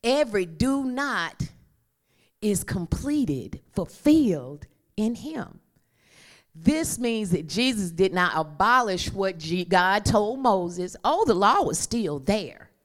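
Lively woman preaching, slow and swooping. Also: mid-range voice. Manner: animated, call-and-response with congregation; swings from loud exclamations to near-whispers. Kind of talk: sermon.

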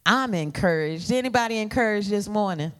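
A woman's voice: mid-range voice, animated, fairly quick, a bit bright, clear, resonant tone. A woman preaching a sermon, playful and calling on the congregation to answer back. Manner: playful, calls for congregation responses.

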